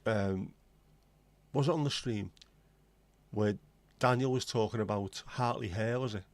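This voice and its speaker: At a measured pace and fairly low pitch, a man in his forties from England chats casually on his livestream. The recording is dry; he's outspoken and blunt, rambling from tangent to tangent.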